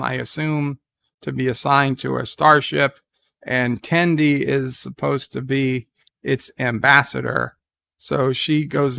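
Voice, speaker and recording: A man's voice: mid-range voice, gravelly, bright, forceful tone. A man giving a casual, rambling recap of a TV episode, full of fillers and restarts. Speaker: show reviewer.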